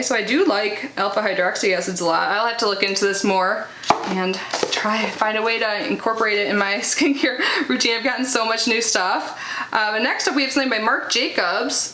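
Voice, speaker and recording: A woman's voice: on the high side, pushed and bright. A young woman in casual unboxing chat, chatty and full of filler words as she reads out product blurbs. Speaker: unboxing vlogger. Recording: echoey room with faint noise.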